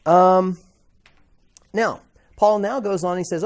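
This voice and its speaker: A man teaching a classroom Bible lesson in a conversational way, asking the class questions and acting out quoted voices with sudden loud outbursts. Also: high-pitched, slow pace.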